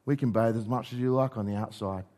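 A middle-aged man preaching a sermon, acting out dialogue with rises and drops in pitch and volume. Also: fast talker. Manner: animated, acts out dialogue with shifting pitch and volume.

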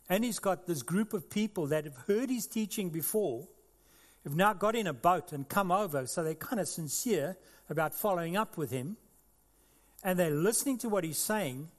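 In a large church hall, a pastor with a slightly high voice preaches to his congregation. His tone is earnest and conversational.

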